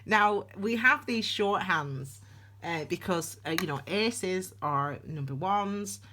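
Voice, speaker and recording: Chatty woman with a lively voice. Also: on the low side, slow pace, a little hiss or hum. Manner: chatty, laughing, rambling with restarts. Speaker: tarot reader. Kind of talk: casual tarot reading to camera. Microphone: camera on desk.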